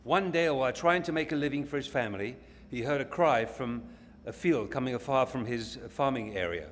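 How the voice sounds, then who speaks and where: A man's voice: medium pitch, brisk. A man with an English accent giving a rambling story speech to an audience at a company event, stumbling and restarting now and then. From England. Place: large event hall. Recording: echoey hall with faint noise.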